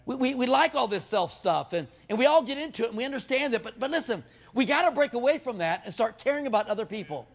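This preacher's very high voice moves quickly with few pauses. He spins humorous stories, banters with the congregation, and trips over repeated words while developing his message.

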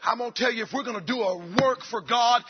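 A man preaching a fiery sermon as pastor, swinging between shouted lines and low, quiet passages. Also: quick pace, muffled recording.

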